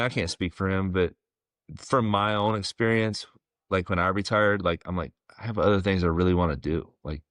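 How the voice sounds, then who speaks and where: A man in his forties, a former ballplayer, telling stories as a podcast guest in a relaxed, rambling way with plenty of fillers. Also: low-pitched, no echo. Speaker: guest, former pro baseball player. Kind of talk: casual storytelling interview.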